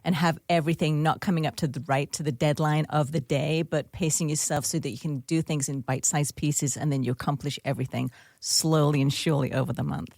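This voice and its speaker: A woman's voice: low-pitched, steady tone, brisk, gravelly, darkish tone, no echo, clean studio sound. A middle-aged woman from England, a guest in an interview, telling her story in a friendly way. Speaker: podcast guest, business owner. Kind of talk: interview conversation.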